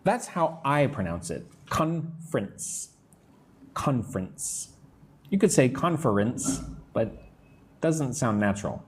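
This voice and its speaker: A middle-aged American man teaching English on a live stream, answering chat comments and slowly modelling phrases for listeners to repeat. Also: medium pitch, sing-song. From United States. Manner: slow, careful modelling of phrases for repetition. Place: room in Vietnam.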